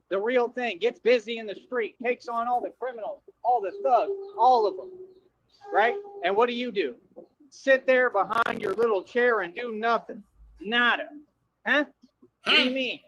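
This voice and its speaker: A man with a notably high voice rants at his audience on a livestream, combative and full of street slang, repeating the same points over and over. The audio is dry and a little dull, with no room sound at all. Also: moderate pace, fairly bright tone, dry recording. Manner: confrontational, slangy, repetitive ranting at viewers. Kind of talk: ranting livestream monologue.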